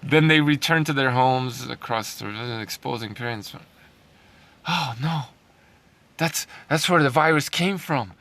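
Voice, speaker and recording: A man's voice: medium pitch, measured pace, bright, forceful tone. A man ranting in a sarcastic, heated way, reading out news lines and mocking them with scornful laughs. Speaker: commentary vlogger.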